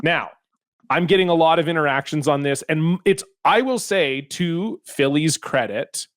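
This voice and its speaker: A man hosting a comedy podcast, telling stories in a lively, exasperated way and swearing freely. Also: fairly high pitch, moderate pace, no echo, clean studio sound. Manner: animated, exasperated storytelling with frequent swearing. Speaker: podcast host. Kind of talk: casual comedic podcast chat.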